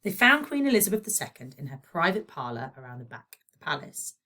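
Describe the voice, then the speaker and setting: A woman with a British accent, a primary school teacher, reading a children's novel aloud with expressive storytelling. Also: sits low, fast talker. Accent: British English.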